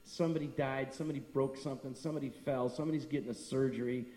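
Middle-aged male speaker, devotional talk, animated anecdotes; long reverb, voice from a distance. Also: medium pitch, racing. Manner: storytelling, acting out quoted people. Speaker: temple speaker. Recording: echoey hall from a distance.

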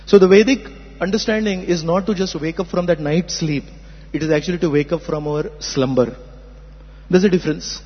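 An earnest man with a high, slightly husky voice gives a spiritual discourse, explaining by asking rhetorical questions. He sounds muffled, with a long reverb trailing each phrase. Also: a little fast. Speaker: spiritual teacher. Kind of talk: philosophical discourse. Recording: muffled hall recording.

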